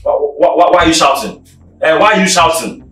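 Seorang pria memerankan pria Nigeria yang marah dan membentak, suara bergema dengan musik latar. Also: male voice, on the high side, brisk, close to an everyday voice. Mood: angry. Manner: shouting, scolding, lively. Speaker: deceived partner, broke son. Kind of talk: Nollywood film acting. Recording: echoey room with background music.

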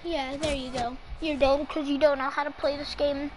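Very high-voiced excitable female gamer. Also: normal speed, noisy background. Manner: excitable, teasing, mock-outraged at teammates. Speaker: gamer streaming her play. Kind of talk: live gameplay commentary.

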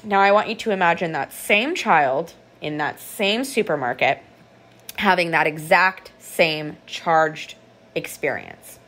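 A woman art therapist giving a calm, reflective motivational podcast talk, guiding listeners through a visualization. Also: sits low, a little slow.

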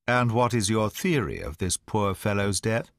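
A sly, nervous male naturalist, read by a man in an audiobook, politely probing while hiding his alarm. His pitch swings in a lively way. The sound is dry and close. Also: normal speed, dry recording. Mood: wary. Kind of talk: audiobook dialogue reading.

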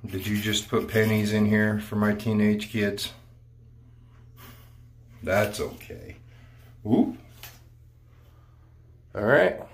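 A man's voice: on the low side, a little hiss or hum. A middle-aged man vlogging casually at home, chatty and wry, cracking jokes as he goes. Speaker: family vlogger. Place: indoors at home.

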